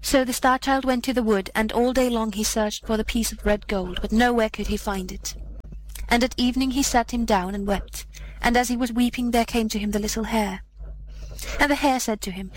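A woman reading an old fairy tale aloud in a measured storybook manner. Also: on the high side, steady tone, a little hiss or hum, rough recording.

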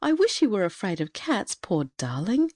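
A woman reading a fairy tale aloud and voicing a young queen who frets in a high, breathless voice. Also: very animated, normal speed, a little mellow, no room sound, studio quality. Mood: anxious. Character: anxious fretful young queen mother.

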